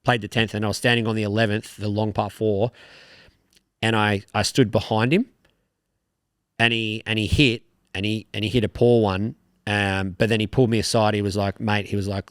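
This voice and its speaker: A man's voice: lowish voice, level tone, moderate pace, smooth, no echo, clean studio sound. A young Australian man co-hosting a podcast, chatting casually in a rambling, laid-back way, swearing now and then. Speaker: podcast co-host. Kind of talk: casual chat.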